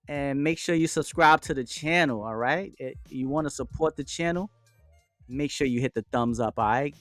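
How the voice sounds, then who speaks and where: A man hosting a casual live stream, chatting loosely, reading out viewers' comments and giving shout-outs. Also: mid-range voice, moderate pace, dry recording, soft background music. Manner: reads out and answers viewers' chat comments; relaxed, chatty, with frequent fillers and shout-outs. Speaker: livestream host. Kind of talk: casual livestream chat.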